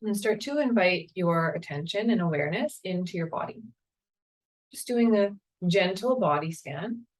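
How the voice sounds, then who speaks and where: A woman yoga teacher leading a guided meditation in a slow, calm, soothing way. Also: fairly low pitch, poor audio. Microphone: camera mic, seated on a chair.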